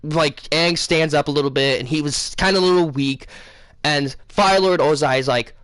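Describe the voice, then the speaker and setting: A man's voice: on the high side, moderate pace, fairly bright tone, no echo. A man hosting a casual vlog, retelling a dream in a rambling way full of fillers. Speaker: channel host.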